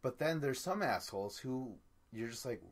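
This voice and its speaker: A man's voice: mid-range voice, animated, normal speed. A man co-hosting a podcast, chatting casually about a reality show, rambling, repeating himself and cursing. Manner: loose and rambling, repeats words, curses. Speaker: podcast co-host. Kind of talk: casual reality-TV recap chat.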